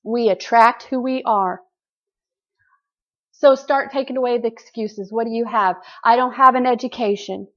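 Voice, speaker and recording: A woman's voice: fairly high pitch, moderate pace, a bit bright, dull audio. A woman hosting a group call and giving an earnest, preachy motivational talk straight to her listeners.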